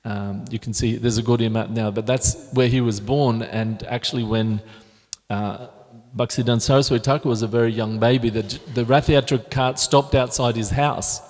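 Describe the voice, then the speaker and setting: A man's voice: medium pitch, steady tone, normal speed, a little mellow. A man teaching a scripture class at a temple, talking conversationally with frequent restarts while he shows pictures. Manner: conversational, many restarts, reflective. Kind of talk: scripture class talk with slides. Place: temple hall. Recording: long hall reverb.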